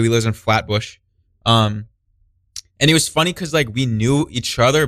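A man in his twenties, a musician guest, talking in a relaxed, slangy and thoughtful way. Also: lowish voice, clear, resonant tone, no echo. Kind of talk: casual interview.

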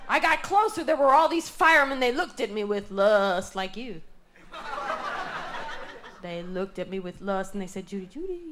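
A woman's voice: medium pitch, normal speed, pauses often. A woman performing a stand-up comedy routine on stage, delivering absurd one-liners with mock seriousness. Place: comedy stage before an audience. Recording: noisy live recording.

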